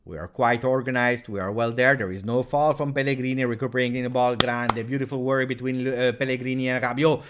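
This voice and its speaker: An excitable man with an Italian accent reacting live to a football match. His voice sits at an ordinary middle pitch, and he talks straight to his viewers before bursting into loud cheers. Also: quick pace, hardly any pauses.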